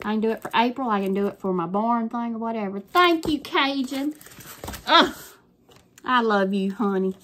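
A woman's voice: on the high side, a little fast, few pauses, a bit bright, a little hiss or hum. An older woman with a Southern US accent, chatting casually and gushing through a craft unboxing with folksy phrasing. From Southern United States. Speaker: crafting YouTuber.

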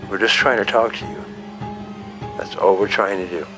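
A man's voice: on the low side, fairly even intonation, moderate pace, music in the background. A man talking casually to his viewers and pleading with a spirit at home, repeating himself often. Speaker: paranormal investigator. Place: at home indoors.

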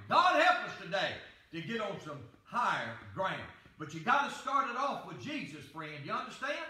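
A man's voice: sits high, sing-song, normal speed, sharp tone, heavy reverb, distant mic, low-quality recording. A man preaching a fervent sermon as pastor, often calling out "dear friend".

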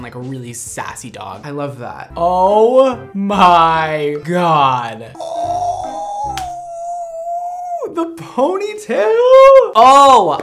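A man talking casually in a reaction video, gushing with dramatic exclamations and lots of "like". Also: mid-range voice.

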